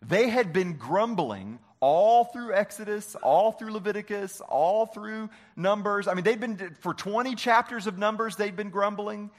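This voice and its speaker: A man preaching a sermon, animated and often asking the congregation questions. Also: sits high, unhurried, few pauses. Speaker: pastor.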